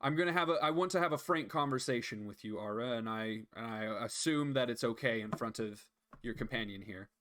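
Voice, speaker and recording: A man voicing a formal male city guard captain who speaks in a measured, earnest way in a tabletop game. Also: medium pitch, fairly bright tone, natural voice.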